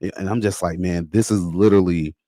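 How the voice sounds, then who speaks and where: Male podcast host, casual animated monologue, lowish voice, dry room. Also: brisk, no echo. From United States. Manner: animated, conversational, slangy, acts out dialogue.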